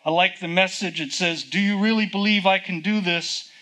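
A man's voice: sits high, steady tone, moderate pace, bright, forceful tone, rough recording. A man preaching a sermon, teaching from the Bible in a conversational way, reading verses aloud and asking rhetorical questions.

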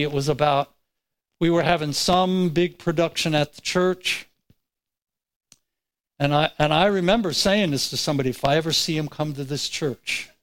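A pastor with a slightly high voice delivers his sermon as a personal story, animatedly acting out his own words. The low-quality recording carries slight background noise.

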